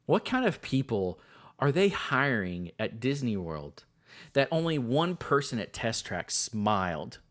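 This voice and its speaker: A male podcast co-host chatting casually, sarcastic and quick to laugh. His voice swings up and down with lively intonation. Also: mid-range voice.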